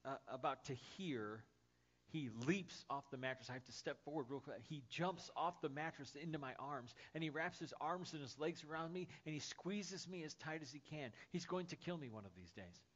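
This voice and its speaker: A man preaching a sermon as pastor, dropping to soft, hushed lines and rising to loud, excited storytelling. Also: fairly high pitch, normal speed, highs cut off.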